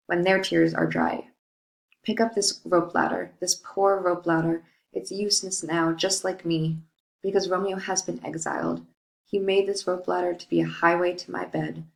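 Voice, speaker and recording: A woman's voice: on the low side, creaky. A woman reading Juliet, grief-struck young bride. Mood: grieving. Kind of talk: reading a modern-English play paraphrase. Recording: roomy echo.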